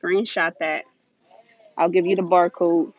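A woman livestreams from inside a big store, chatting to her viewers in a hurried, friendly rush and sounding a little out of breath. Her voice comes through a handheld phone with dull, muffled audio and very little room echo. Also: lowish voice, little pitch movement. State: slightly out of breath. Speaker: deal-hunting vlog host. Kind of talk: live shopping stream. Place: inside a large retail store.

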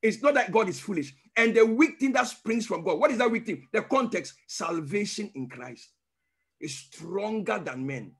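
Male pastor, teaching sermon; fervent, repeats questions to the congregation, slips into tongues; husky timbre. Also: high voice, lively intonation, normal speed. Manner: emphatic, with call-and-response questions; breaks into speaking in tongues.

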